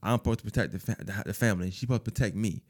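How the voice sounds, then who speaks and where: Animated man telling a story. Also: fairly low pitch, very fast. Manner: animated, profane, acts out quoted voices. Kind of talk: casual spoken storytelling.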